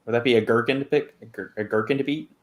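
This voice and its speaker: A man's voice: medium pitch, quick pace. A man from the United States on a podcast panel, asking curious questions and laughing easily. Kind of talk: casual podcast chat.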